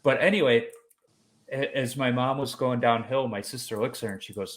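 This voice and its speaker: A man hosting a podcast, telling a personal story in a lively conversational way and acting out the voices he quotes. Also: medium pitch, brisk. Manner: animated storyteller who acts out quoted voices. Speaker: podcast host.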